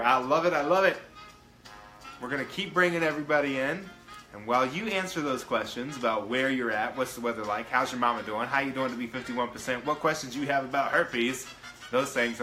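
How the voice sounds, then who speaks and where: A man's voice: mid-range voice, pushed and bright, roomy sound, low-quality recording. A man hosting his own live-stream show, chatting casually and greeting viewers by name in an upbeat way. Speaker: livestream show host.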